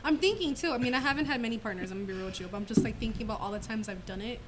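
Fast, high-voiced woman saying "like" a lot. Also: very noisy. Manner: fills speech with "like", candid. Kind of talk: casual podcast chat.

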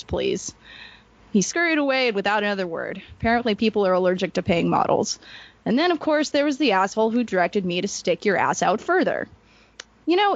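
A woman's voice: mid-range voice, no echo. Woman, cosplayer, firm matter-of-fact reading, very dry close sound, slightly dull audio. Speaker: cosplayer reading her account. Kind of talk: read-aloud personal account.

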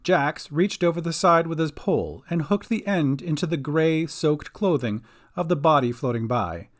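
A man giving scripted narration of a fantasy audio story, expressive and doing all the voices himself. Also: a little high, moderate pace.

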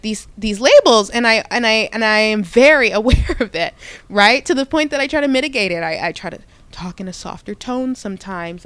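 A young woman hosting a podcast, telling a personal story in a casual, animated way with frequent restarts and self-corrections. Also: mid-range voice, smooth, no echo. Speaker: podcast host.

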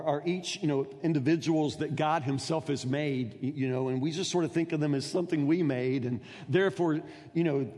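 High-voiced man preaching in a hall. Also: darkish tone. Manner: earnest, stammering repetitions, rhetorical questions to the congregation. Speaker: pastor. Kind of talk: sermon. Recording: long reverb in a large hall.

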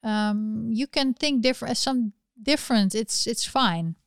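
Chatty woman with a smooth, higher voice. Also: measured pace, no echo, studio quality. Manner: chatty, opinionated, with frequent restarts. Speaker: live chat host. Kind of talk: casual livestream chat.

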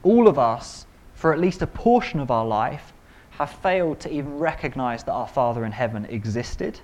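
A man preaching a sermon in an animated, conversational way, acting out quotes. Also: on the high side. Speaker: pastor.

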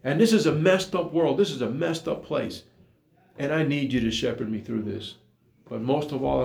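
A man preaching in a slightly high, gravelly voice, earnest and repetitive, asking his listeners question after question. The sound bounces around an echoey room. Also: darkish tone. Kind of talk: sermon.

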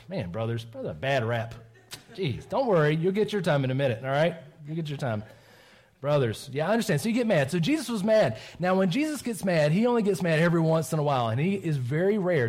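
A man giving a children's sermon at church, asking the kids questions and checking in with "right?" after his points. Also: a little high. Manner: animated, asks kids questions, tags lines with "right?". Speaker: pastor giving a children's message.

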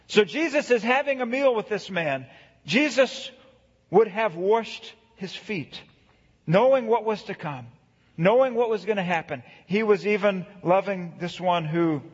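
Husky high-voiced pastor preaching in a hall. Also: male voice. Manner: earnest, slows for scripture, rising emphasis. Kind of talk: sermon. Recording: echoey hall, dull lo-fi sound.

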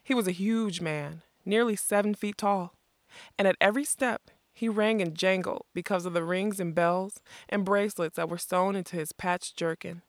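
Gravelly-voiced storybook narrator. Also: mid-range voice, fairly even intonation, normal speed, no room sound, studio quality. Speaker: audiobook narrator.

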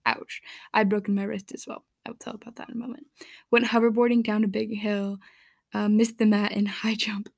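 A woman's voice: medium pitch, little pitch movement, a little fast, gravelly. A woman hosting a casual solo podcast, reading out listener answers in a chatty, giggly, rambling way with many fillers and restarts. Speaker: podcast host. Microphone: podcast microphone.

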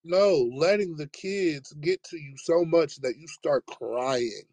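Animated storytelling man, dry close sound. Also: a little high, slow pace, no echo. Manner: animated storyteller acting out quoted voices. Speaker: podcast host, teacher. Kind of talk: casual storytelling chat.

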